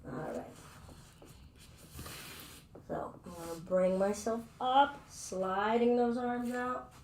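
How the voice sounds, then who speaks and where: A woman's voice: fairly high pitch, slow pace, darkish tone, a little hiss or hum. Chatty woman leading a yoga class. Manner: chatty and playful, narrating her own movements. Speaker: yoga instructor. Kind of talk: live-streamed yoga class. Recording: echoey room, distant mic.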